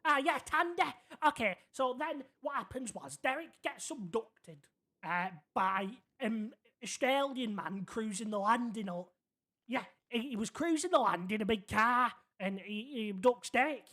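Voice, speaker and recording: Unhurried yet animated, the medium-pitched voice sounds pushed and bright. A streamer plays a naive young man in a city game, earnestly rambling through a long in-character story while checking whether the listener is following.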